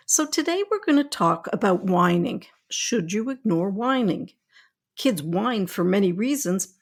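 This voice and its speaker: A middle-aged woman pediatrician hosting a podcast, speaking in a calm, reassuring, explanatory way. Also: mid-range voice, vocal fry. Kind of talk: scripted podcast talk.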